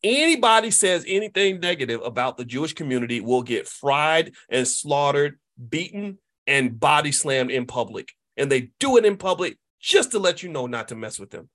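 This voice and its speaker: A middle-aged man hosting a casual commentary monologue, emphatic and repetitive, often asking "right?" and jumping into high voices to mimic people. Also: very animated, normal speed, hardly any pauses, fairly bright tone. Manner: emphatic, repetitive, tag questions. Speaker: host.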